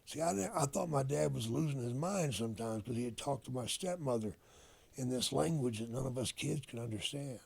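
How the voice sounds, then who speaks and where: An older man, a retired wrestler, telling stories in a casual interview, profane and animated as he acts out old conversations. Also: medium pitch, fairly quick. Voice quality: gravelly, husky. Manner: profane, animated storyteller acting out quoted dialogue.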